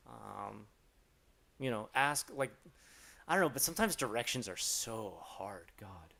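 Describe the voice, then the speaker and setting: Answering questions on a casual live stream, this man from Florida, somewhere in his thirties or forties, wanders through stories and swears without restraint. His voice is fairly low, gravelly and sharp, expressive, and a little slow.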